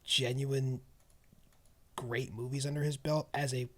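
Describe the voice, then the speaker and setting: A man's voice: mid-range voice, level tone, a little slow. Rambling male podcast co-host. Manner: rambling, restarts a lot, laughs easily. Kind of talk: casual chat.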